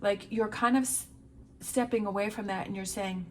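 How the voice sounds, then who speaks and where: A woman talks through a tarot reading in a relaxed, reassuring way, circling back to the same encouraging phrases. Her voice sits at an ordinary middle pitch. A faint noise runs under the recording. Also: moderate pace. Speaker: tarot reader.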